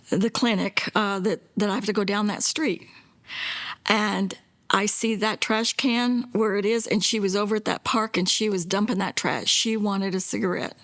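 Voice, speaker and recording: Gravelly-voiced older mother. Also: medium pitch. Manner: earnest, drops to a hushed whisper when quoting others; plainspoken, with self-corrections and small laughs. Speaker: mother telling her daughter's story. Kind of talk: documentary interview storytelling.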